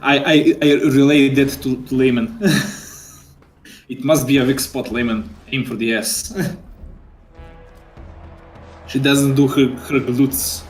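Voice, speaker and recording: A man's voice: medium pitch, steady tone, slow pace, long pauses, soft background music. A man playing a tabletop game, often stammering and breaking into laughter. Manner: stammering, giggly. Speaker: player. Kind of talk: casual tabletop game chat.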